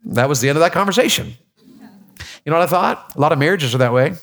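A man's voice: a little high, lively intonation, fast, gravelly, a bit bright. A man from Tennessee preaching a sermon in a church, folksy and joking with the congregation, often repeating his words. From Tennessee, USA.

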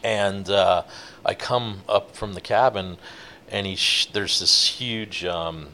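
A man telling a long fishing-boat story in a relaxed, rambling interview, with many fillers. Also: low-pitched, slow pace. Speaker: guest, offshore fishing boat captain.

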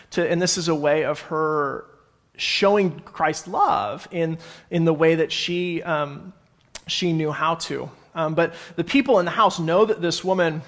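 Acting as pastor, a young man with a fairly high, fairly bright voice gives a sermon in a conversational style. He reads passages of scripture aloud, stops to explain them, and sometimes corrects himself.

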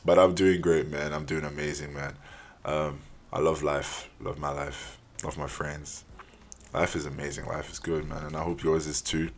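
A man's voice: rumbling low, little pitch movement, normal speed, slight background noise. A young man hosting his own podcast, talking alone in an earnest, casual way, often saying "man" and restarting his sentences. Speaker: podcast host. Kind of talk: solo podcast monologue.

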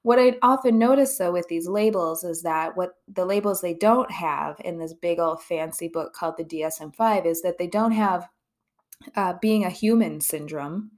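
Candid therapist woman, fairly low voice. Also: moderate pace, darkish tone. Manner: candid and conversational, with frequent swearing. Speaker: therapist and podcast host. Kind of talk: casual podcast monologue.

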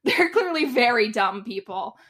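A woman's voice: a little high, expressive, normal speed, fairly bright tone. A woman co-hosting a podcast, chatting casually about a TV episode, laughing often and filling her talk with "like". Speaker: podcast co-host. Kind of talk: casual TV recap chat.

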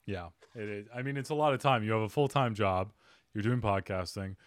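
A man's voice: fairly low pitch, a little fast, no room sound, clean studio sound. A man hosting a podcast, joking around and asking his guest follow-up questions in casual chat. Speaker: podcast host.

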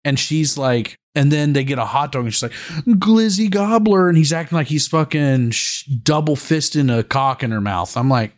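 A man co-hosting a casual podcast, telling rambling, profane stories about himself and his family. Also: mid-range voice. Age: adult parent. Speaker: podcast co-host.

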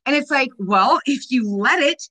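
A woman's voice: sits high, animated, moderate pace, sharp tone, low-quality recording. A woman in casual chat on a video call, upbeat and emphatic, laughing often.

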